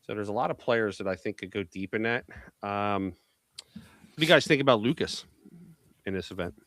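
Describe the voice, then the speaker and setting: A man's voice: fairly low pitch, expressive, normal speed, fairly bright tone, dry recording. Brash, profane man from Philly. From Philadelphia. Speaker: pool media executive, guest. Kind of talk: casual podcast chat.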